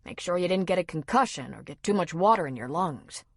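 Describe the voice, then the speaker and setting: A woman voicing an older retired general, brisk and directive as he organizes help. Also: on the low side, animated, husky, no room sound, studio quality.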